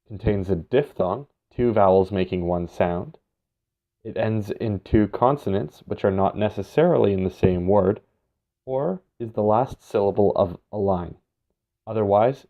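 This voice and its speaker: A man giving a scripted educational narration in a measured, explanatory way. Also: lowish voice, mellow. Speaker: instructor. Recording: dull, lo-fi recording.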